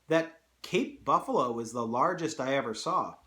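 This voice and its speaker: Plain-spoken male hunter guest, curious, animated, read by a male narrator. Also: mid-range voice, normal speed, echoey room.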